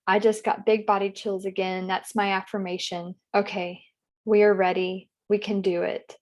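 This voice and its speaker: A woman as a session client, describing visions in a dreamy, halting and emotional way while in trance. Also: medium pitch, level tone, a little mellow. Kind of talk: narrating a guided trance session.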